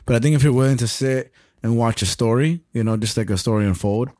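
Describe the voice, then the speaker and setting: A man's voice: medium pitch, fast talker, mellow, no echo, studio quality. A young man co-hosting a podcast in casual chat, laid-back and rambling, laughing often. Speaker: podcast co-host.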